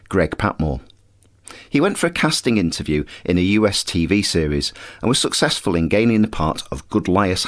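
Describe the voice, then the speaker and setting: A man hosting a mentoring podcast, presenting scripted links between clips in an upbeat way. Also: deep voice. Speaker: podcast host.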